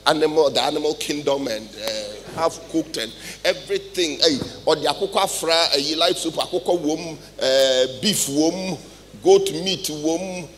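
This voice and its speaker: A middle-aged Ghanaian man preaching a sermon in church, swinging between loud outbursts and hushed asides. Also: a little high, unhurried, slight background noise. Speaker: pastor. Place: church hall with congregation. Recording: live church recording with long reverb.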